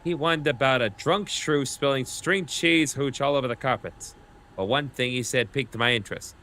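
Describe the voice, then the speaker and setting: A man reading aloud as a scheming male inventor who writes a grandiose, gruff journal. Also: mid-range voice, normal speed, sharp tone, a little hiss or hum, pitched above the performer's own voice. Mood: disgusted.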